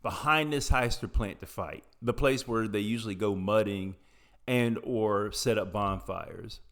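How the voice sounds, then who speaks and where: Young adult man, low-pitched, from Appalachia; loose, digressive, profane storyteller talking straight to his viewers. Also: a little slow, a bit bright. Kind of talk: casual storytelling.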